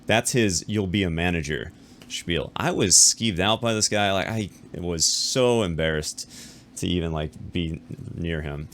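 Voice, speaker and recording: A man with a deep voice tells a business story straight to his viewers in a loose, casual way. He talks quickly, with lots of repeats and restarts, and he acts out the other people he is talking about. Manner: animated retelling, acting out the other people in the story; fast and conversational, with repeats and restarts. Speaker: YouTuber telling a business story.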